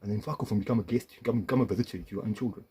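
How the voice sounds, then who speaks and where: A man's voice: fairly low pitch, racing, dark tone, husky. Profane man ranting. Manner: accusatory and profane, swinging between muttered asides and raised confrontation. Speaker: estranged father. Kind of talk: angry personal video rant.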